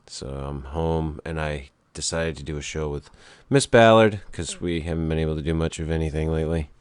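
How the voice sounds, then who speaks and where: A man hosting a casual webcast, speaking in a calm, low-key radio-style delivery that rambles with fillers and the odd swear. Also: fairly quick, clear, resonant tone, no echo, studio quality. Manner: rambling, with frequent fillers and profanity. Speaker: podcast host.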